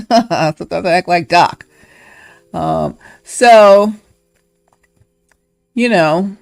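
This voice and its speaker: A woman's voice: fairly low pitch, drawn-out words, gravelly. A woman hosting a casual livestream, musing playfully and shifting into encouragement, now and then acting out little character voices. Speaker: live stream host.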